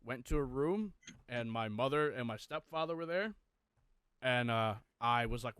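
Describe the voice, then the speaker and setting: A man's voice: mid-range voice, brisk, pushed and bright, clean tone, dry recording. A young man co-hosting a podcast, intensely retelling a personal story with heavy swearing. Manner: profane, intense, emotional retelling. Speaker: podcast co-host.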